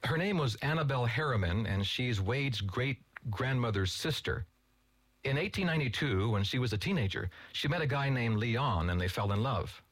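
A man voicing a hesitant, halting teenage boy in a read-aloud story. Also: mid-range voice, expressive, a bit bright, dry recording, pitched above the performer's own voice.

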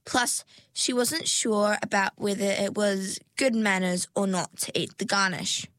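A woman reading a children's story aloud in a measured storytelling manner. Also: medium pitch, a bit bright, no echo. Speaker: narrator.

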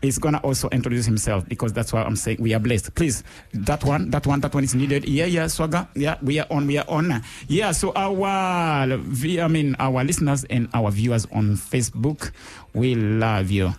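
A man hosting a live radio show in a studio, teasing and joking with his co-host and laughing often. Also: moderate pace. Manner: playful, teasing, laughs often, lively jumps in pitch. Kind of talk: casual live radio chat.

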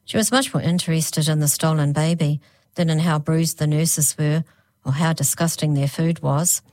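A woman narrating a children's storybook aloud, slowing right down on the spooky phrases. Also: low voice, fairly even intonation, darkish tone, no echo. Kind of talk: storybook reading.

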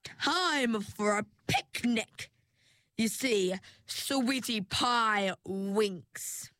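A cruel, gloating mermaid villain, as a woman puts her on for a storybook, stretching every word out in mock-sweet menace. Her voice sits a little higher than an everyday speaking voice and drags along slowly. It is recorded close and dry. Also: pushed and bright, clear, resonant tone, dry recording, exaggerated voice.

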